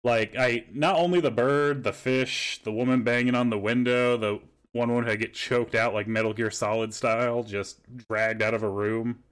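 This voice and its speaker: A man's voice: medium pitch, fairly even intonation, normal speed, few pauses, a bit bright, smooth. A young man hosting a podcast, telling rambling stories in casual chat and swearing freely. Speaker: podcast host.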